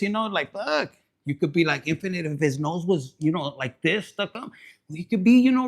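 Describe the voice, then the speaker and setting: A high-pitched man runs a tarot reading full of swearing. He jumps into Spanish mid-sentence and keeps things rowdy and crude, with no polish at all. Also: a bit bright. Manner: profane, rowdy, slips into Spanish. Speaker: tarot reader.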